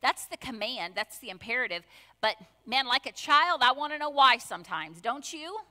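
Woman pastor, bright higher voice, chatty sermon, rhetorical questions, reverberant church hall. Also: animated, moderate pace. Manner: conversational preaching with asides and rhetorical questions. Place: church sanctuary.

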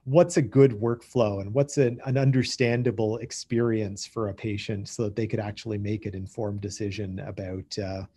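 A man's voice: fairly low pitch, dark tone, slightly rough. A man presenting at a conference, answering audience questions in a thoughtful technical explanation and often restarting his phrases with ums.

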